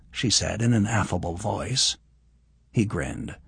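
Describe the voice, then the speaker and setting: Husky male audiobook narrator. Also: lowish voice, slow pace, dry recording. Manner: even storytelling, voices the characters. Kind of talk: scripted narration.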